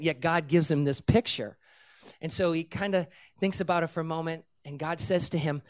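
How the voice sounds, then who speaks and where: Animated preacher acting out a story. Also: medium pitch, moderate pace. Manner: animated storyteller who acts out the characters' lines; earnest, direct teaching. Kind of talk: sermon with storytelling.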